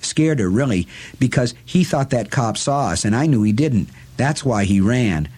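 A man's voice: medium pitch, lively intonation, moderate pace, a little mellow, breathy edge. A man narrator voicing a troubled young man who insists, earnestly, on defending his late brother in a storybook reading.

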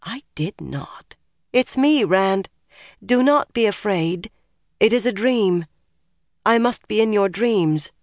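A woman's voice: medium pitch, animated, slow, dry recording, clean studio sound, pitched above the performer's own voice. A narrator voicing a determined, stubborn young woman who speaks earnestly and pleads. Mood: pleading.

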